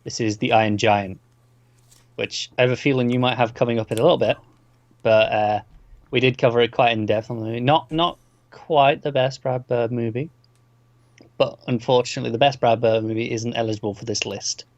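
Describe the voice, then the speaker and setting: A man co-hosting a film podcast who talks fast and gives wry, opinionated takes. His audio is a bit dull and lo-fi. It is also dry, with no room echo. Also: medium pitch, steady tone. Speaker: co-host of a movie discussion show. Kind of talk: casual chat. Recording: slightly dull, lo-fi sound.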